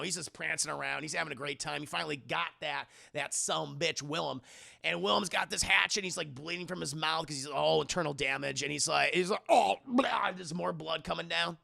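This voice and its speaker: A young man giving a casual, profane, animated comic film recap to a live chat. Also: fairly high pitch, gravelly, dry recording, studio quality.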